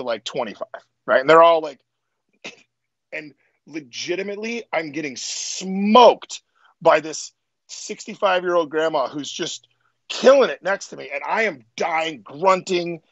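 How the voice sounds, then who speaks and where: A fairly high-voiced man tells stories as a podcast guest, animated and freely profane. His voice sits close and dry, with a dull, lo-fi sound. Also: measured pace, no echo. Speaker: strongman guest. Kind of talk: casual podcast chat.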